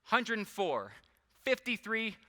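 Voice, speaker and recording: A man does live comedic mind reading with audience volunteers on a large convention hall stage, chatty and self-deprecating with frequent laughter. His high voice is very animated yet slow, and pushed and bright.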